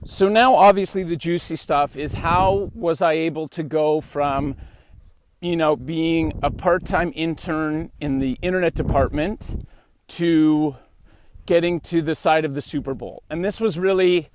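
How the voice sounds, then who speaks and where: A young man from Canada telling a story as a podcast host, animated and acting out quoted dialogue. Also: a little high, unhurried, slight background noise. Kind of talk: casual storytelling monologue.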